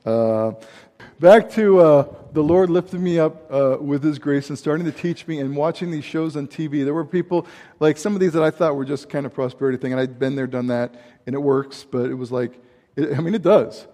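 A man preaching a sermon in a rambling, animated way, breaking off into asides and laughing at himself. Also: on the high side, moderate pace. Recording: hall reverb.

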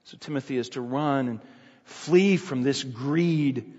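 Husky-voiced preacher in a reverberant hall. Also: male voice, mid-range voice, a little slow, darkish tone. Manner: emphatic, repeats key phrases, frequent restarts. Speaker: pastor. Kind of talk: expository sermon. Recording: dull sound with long hall reverb.

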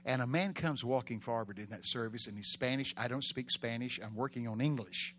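A man with a Texan accent, preaching a sermon in a folksy storytelling way, with bursts of loud emphasis. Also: mid-range voice, brisk, hardly any pauses, a little hiss or hum. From Texas.

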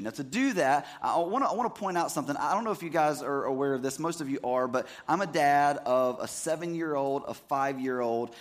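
A man in his thirties, a pastor giving a sermon, talking casually and checking that the congregation is following along. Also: mid-range voice.

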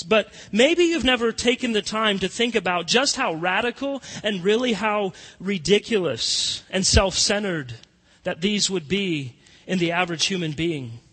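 Male pastor, sermon delivery, high and bright, emphatic swings between hush and force, long hall reverb. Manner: emphatic preaching, swinging between hushed and loud.

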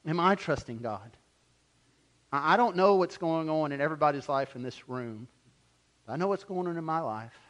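A man preaching a sermon as pastor, animated, acting out the voices he quotes. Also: fairly high pitch.

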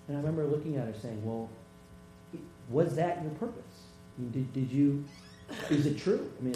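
A male pastor preaching a sermon through personal stories, halting and repeating words as he retells conversations. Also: mid-range voice, warm tone. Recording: echoey room with mains hum.

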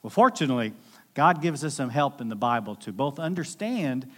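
A man preaching a sermon in a conversational, animated way, with jokey asides and acted-out quotes. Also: medium pitch, a little fast. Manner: animated, acts out quoted voices. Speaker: pastor.

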